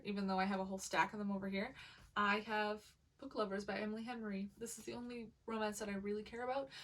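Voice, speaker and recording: A woman chatting to camera as a book vlogger, gushing and excitable, talking in a loose way with lots of fillers. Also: mid-range voice, far from the mic, low-quality recording. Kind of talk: casual chat to camera.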